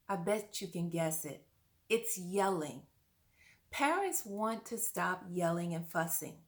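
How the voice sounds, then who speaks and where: Earnest woman parent coach. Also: mid-range voice. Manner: earnest, coaching, asks the listener questions. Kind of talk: direct-to-camera parenting advice.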